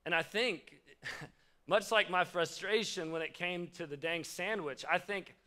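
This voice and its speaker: A man's voice: high-pitched, unhurried, pushed and bright. A young man, preaching a casual, joking youth sermon and talking straight to the crowd. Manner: chatty, joking, addresses the crowd directly. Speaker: youth pastor.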